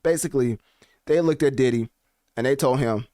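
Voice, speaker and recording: A man hosting a casual commentary video, talking in an animated, slangy and rambling way. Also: medium pitch, moderate pace, dry recording, studio quality. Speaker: commentary channel host.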